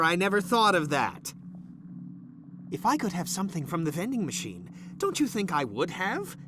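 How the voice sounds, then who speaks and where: An actor voicing an irritable, bossy male scientist in a video game, snapping insults and then grudgingly apologizing. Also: high-pitched. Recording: game audio with background noise.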